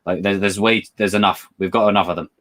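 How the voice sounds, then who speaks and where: A man chatting casually as a co-host, animated and laughing often, slipping into quick impressions. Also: on the low side. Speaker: podcast co-host. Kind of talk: casual chat.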